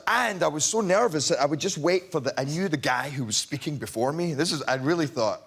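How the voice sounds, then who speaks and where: A man's voice: fairly high pitch, a little fast, hardly any pauses, slight background noise. A man who is an actor, telling a funny anecdote as a chat show guest and acting out the quotes. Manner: animated storyteller, acts out quotes.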